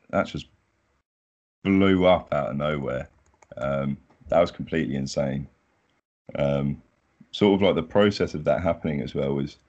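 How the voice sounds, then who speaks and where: Young man, booming deep voice, relaxed modest guest, dull lo-fi audio. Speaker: podcast guest. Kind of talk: casual chat.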